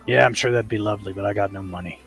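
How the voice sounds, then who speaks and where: A man at a tabletop game, speaking quickly in a blunt, wary way. His voice sits a little low. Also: gravelly, a bit bright, soft background music. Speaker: player. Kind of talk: in-character tabletop play.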